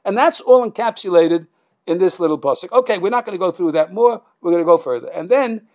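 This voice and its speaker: High, gravelly-voiced joking rabbi. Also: male voice, brisk. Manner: joking, animated, many restarts and fillers. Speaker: rabbi teaching a class. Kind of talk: Torah class lecture with humor.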